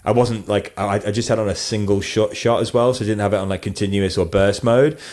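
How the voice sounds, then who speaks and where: Deep-voiced man chatting loosely. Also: fairly even intonation, fairly quick, a little mellow. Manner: chatty, rambling, many fillers and restarts. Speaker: wedding photographer guest. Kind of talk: casual podcast conversation.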